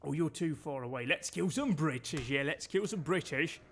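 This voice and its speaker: A man's voice: fairly high pitch, animated, moderate pace, a bit bright. A man from Denmark giving chatty, sweary commentary while streaming a game and barking orders at his crew. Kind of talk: casual gameplay commentary.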